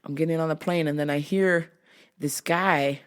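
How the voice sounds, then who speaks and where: A woman's voice: low-pitched, fairly even intonation, moderate pace. A woman hosting her own show, telling a story casually, laughing often and acting out what people said. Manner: laughs often, acts out quotes. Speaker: podcast host.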